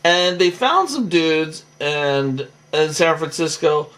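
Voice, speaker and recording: A man's voice: a little high, very animated, slow, a bit bright. A tired man recapping a reality show in a rambling, casual monologue full of fillers and restarts.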